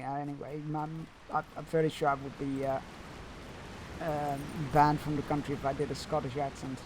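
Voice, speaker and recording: A man's voice: fairly high pitch, darkish tone. A man streaming a game, chatting casually with viewers and often stumbling over his words. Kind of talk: casual gameplay commentary.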